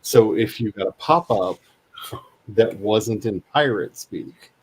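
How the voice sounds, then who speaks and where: A man's voice: fairly low pitch, lively intonation, takes it slowly, darkish tone, breathy edge, poor audio. A man hosting a live stream in casual chat, rambling and restarting his sentences as he tells a story. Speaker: stream host.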